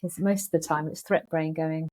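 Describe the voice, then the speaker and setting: Lively woman psychologist. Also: low voice, moderate pace. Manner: lively, animated, acts out thoughts in quoted voices. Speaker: psychologist guest. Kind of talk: casual interview talk.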